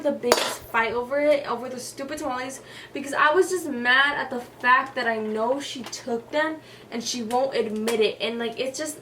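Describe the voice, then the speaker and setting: Young woman vlogger, higher voice, casual and swearing, a bit off-mic in a faintly noisy room. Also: fairly bright tone, recorded from a distance. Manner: chatty, profane, lots of "like" and "y'all". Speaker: beauty vlogger. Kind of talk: casual storytelling during a makeup tutorial. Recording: voice a little off-mic with faint noise.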